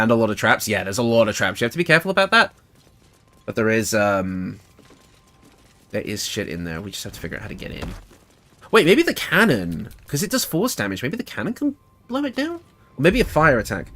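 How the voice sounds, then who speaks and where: A man's voice: medium pitch, fairly bright tone. Chatty British man streaming a game. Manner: thinks aloud, chatty, laughs often. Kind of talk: casual gameplay livestream commentary.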